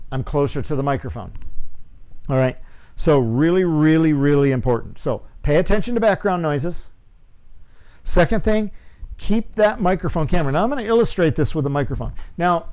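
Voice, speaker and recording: A man with a slightly higher voice teaches a lesson from a small studio, speaking into a clip-on lapel mic. He stresses points by repeating them and keeps checking in with students by asking "okay?". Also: darkish tone, clean tone. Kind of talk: video production lesson to students.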